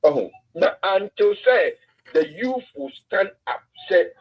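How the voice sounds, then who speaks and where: A man's voice: high voice, big pitch swings, slow pace, slightly rough, muffled recording. A man with a Ghanaian accent hosting a casual political talk stream, emphatic and repeating words for effect. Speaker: political commentator host.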